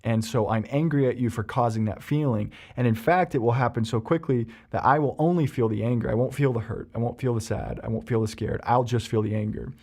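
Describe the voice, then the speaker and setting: A man, a therapist, explaining emotions on a podcast and telling a personal story, animated and full of ums and restarts. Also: medium pitch, fairly quick, few pauses, husky.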